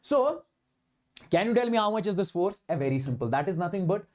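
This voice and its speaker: An Indian man with a high-sitting, darkish voice teaches an online physics lecture for exam students, speaking briskly and very animatedly. He stresses and repeats key phrases, urges the class to follow each step, and mixes Hindi words into his English while solving problems.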